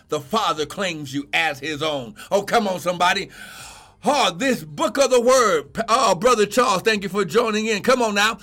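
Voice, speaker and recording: A man preaching a fervent livestreamed sermon as a pastor, often shouting and repeating an exclamation of praise. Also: high voice, moderate pace.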